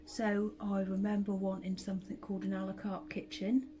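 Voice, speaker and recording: A woman's voice: medium pitch, monotone, moderate pace, mellow, soft background music, rough recording. A middle-aged woman, telling family stories in a casual chat, laughing often and sometimes dropping to a whisper. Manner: chatty storyteller who laughs often and drifts into whispers. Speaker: vlogger and mother.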